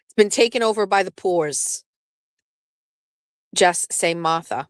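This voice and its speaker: A woman's voice: lowish voice, slow pace, no echo. Woman, show host, casual rambling chat, cusses freely, dry close mic. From southeastern Massachusetts. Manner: chatty, rambling, swears freely; lively, breaks into laughs.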